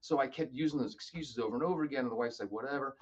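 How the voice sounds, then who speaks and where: A man telling stories casually as a podcast guest, animated and acting out other people's lines. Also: mid-range voice, racing, husky, muffled recording. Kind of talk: casual storytelling.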